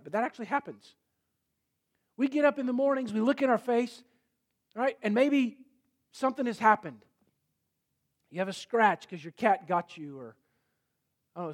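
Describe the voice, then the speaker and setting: A middle-aged male pastor preaching a sermon in an earnest, emphatic way, rising to forceful peaks. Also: sits high.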